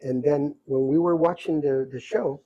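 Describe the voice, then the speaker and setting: A middle-aged man telling stories from his life in a casual chat, animated and repeating himself as he acts out what people said. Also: fairly high pitch, normal speed, breathy edge, lo-fi sound. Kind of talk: casual storytelling.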